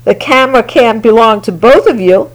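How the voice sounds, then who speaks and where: A woman voicing a fair, measured schoolteacher in a storybook reading, speaking calmly and sensibly. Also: on the high side, natural voice, low-quality recording.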